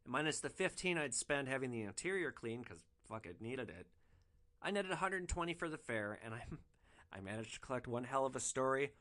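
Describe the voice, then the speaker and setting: A man hosting a storytelling podcast, animated and excitable, swearing casually as he recounts his stories. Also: medium pitch, fairly quick. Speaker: podcast host, rideshare driver.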